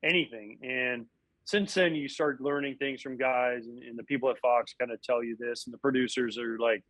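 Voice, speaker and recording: A man, a former baseball catcher and broadcast analyst, telling animated stories from his playing days in a casual interview, often acting out what people said. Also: medium pitch, moderate pace, no echo, rough recording. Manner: animated, acts out quotes.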